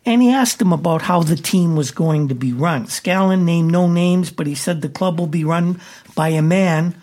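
Man reporting sports news, slightly high. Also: darkish tone. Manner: brisk, matter-of-fact delivery with occasional filler "uh".

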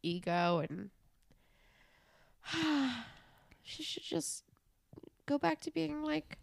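A young woman talks over a show recap with a slightly high voice. She is animated and giggly and swears freely. She acts out quotes as she goes. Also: extremely slow, gravelly. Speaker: podcast co-host. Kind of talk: casual recap chat.

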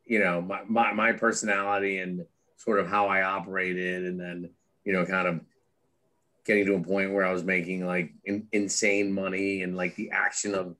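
A man's voice: deep voice, flat delivery, moderate pace, pushed and bright. A middle-aged man, a guest speaking candidly in an interview, with many restarts and fillers as he tells stories animatedly. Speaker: guest, author and former Wall Street trader.

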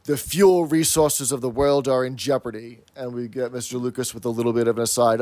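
A man's voice: medium pitch, fairly even intonation, a little fast, a little mellow, no room sound. A man co-hosting a podcast, casually recapping a sitcom episode scene by scene. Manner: recapping, plot by plot. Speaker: podcast co-host.

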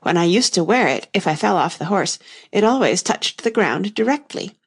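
A woman voicing a gentle, bumbling old male knight who rambles on earnestly and solemnly about his inventions, in an audiobook reading. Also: mid-range voice, animated, normal speed, breathy edge.

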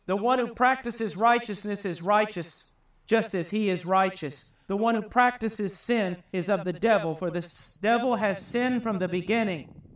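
A man preaching a sermon with passion, climbing high and loud to drive home his points. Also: normal speed, recorded from a distance. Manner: impassioned, rises high and loud for emphasis.

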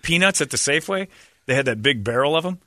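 A middle-aged man hosting a radio show, telling stories in a rambling, animated way. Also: fairly high pitch, fast talker, dry recording, clean studio sound. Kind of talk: morning radio banter.

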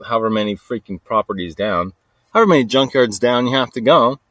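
A man hosting a podcast, telling a story in a rambling, restless way that swings from low mutters to sudden loud bursts. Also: fast talker, no echo. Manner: rambling, restless, talks to himself with lots of "like" and "freaking". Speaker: podcast host. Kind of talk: casual storytelling monologue.

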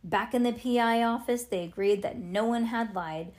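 A woman's voice: on the high side, moderate pace, darkish tone. A woman reading a children's book aloud in a playful way, adding chatty asides to her listener. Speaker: storybook reader.

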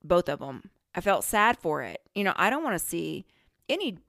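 A middle-aged woman hosting a podcast, telling a story in a casual, animated way, often laughing and quoting her own self-talk. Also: on the low side, moderate pace, creaky, no echo, studio quality. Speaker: podcast host.

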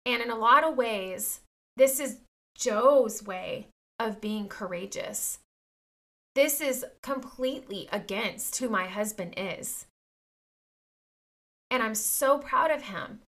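A woman's voice: on the high side, sharp tone. A woman in her thirties talking straight to her viewers in a personal vlog, emphatic and indignant, often calling them "you guys". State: near tears at times. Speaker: vlogger.

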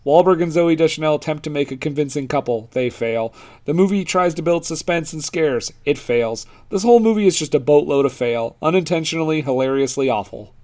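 A man's voice: fairly high pitch, a little fast, darkish tone. A man co-hosting a casual podcast, joking and reading out movie reviews. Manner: jokey, laughs at his own quips. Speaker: podcast co-host.

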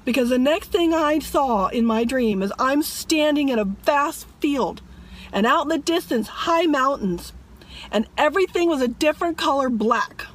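A woman's voice: high-pitched, lively intonation, moderate pace. A woman vlogger telling a dream in a dramatic, emphatic way and urging viewers to repent. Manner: emphatic, addresses viewers as "people". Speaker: religious vlogger. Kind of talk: dramatic storytelling and preaching.

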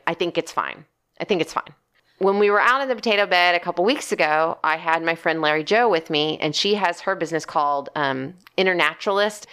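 A woman co-hosting a casual chat, telling a garden story in an animated way and acting out her own reactions. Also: sits low, smooth. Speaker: podcast co-host and gardener.

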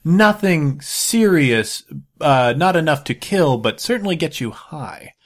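A man's voice: on the high side, expressive, slow. A man running a tabletop game as game master, rambling with many fillers.

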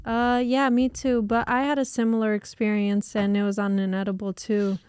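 A woman's voice: medium pitch, level tone, moderate pace, darkish tone, smooth, dry recording, studio quality. A young woman co-hosting a podcast in casual chat, laid-back and agreeable, with lots of "like" fillers. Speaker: podcast co-host.

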